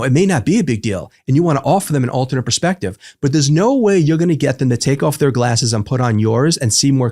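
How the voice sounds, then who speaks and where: Animated man explaining psychology. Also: fairly high pitch. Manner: animated teacher, acts out quotes, jokes. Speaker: psychologist guest. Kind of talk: explanatory podcast conversation.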